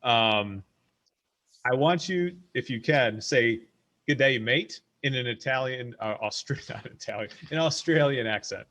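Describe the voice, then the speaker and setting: A man's voice: medium pitch, unhurried, fairly bright tone, no room sound. A man hosting a podcast, asking questions in a jokey, chatty way. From United States. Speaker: podcast host. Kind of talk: casual interview chat.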